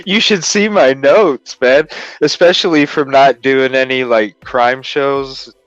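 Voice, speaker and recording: A man's voice: mid-range voice, fairly even intonation, takes it slowly, no echo. A man hosting a casual chat, reacting to and interjecting on a guest's stories. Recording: dull dry lo-fi audio.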